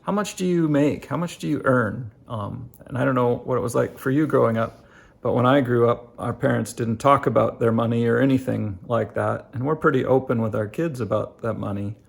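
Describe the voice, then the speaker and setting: Middle-aged vlogger dad, very gravelly voice, earnest and halting, many ums, speaks straight to camera. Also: male voice, mid-range voice, fairly even intonation. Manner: halting, many fillers and restarts; earnest, addresses viewers directly. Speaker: family life vlogger. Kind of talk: casual reflective monologue.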